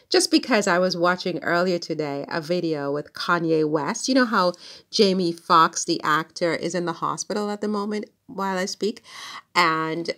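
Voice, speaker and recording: A woman vlogger in a rambling, hesitant monologue, full of fillers and restarts, speaking directly to the person she discusses. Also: on the low side. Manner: addresses her subject directly. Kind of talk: casual monologue to camera.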